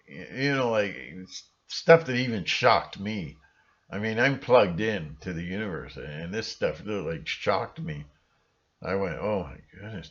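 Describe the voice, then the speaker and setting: A man hosting his own channel, talking in a rambling, sarcastic monologue with sudden shrill outbursts. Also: muffled recording. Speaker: channel host.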